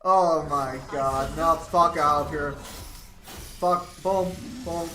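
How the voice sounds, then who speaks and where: A man's voice: fairly high pitch, steady tone, slow. Sweary ranting gamer man in echoey room. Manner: frustrated, sweary, ranting, bursts into yelling. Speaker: gamer streaming a match. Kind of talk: live gameplay commentary. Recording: echoey room with background noise.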